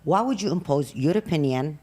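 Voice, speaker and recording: A woman's voice: deep voice, animated, fairly quick, mellow, husky. A middle-aged woman, a mother and podcast guest, giving her opinions emphatically in casual conversation.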